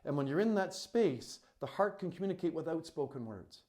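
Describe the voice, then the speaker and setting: A man's voice: fairly high pitch, animated, a little fast, a little mellow. A man who works as a coach and retreat facilitator tells a personal story to camera in an earnest, emphatic, heartfelt way, with many "you know" fillers.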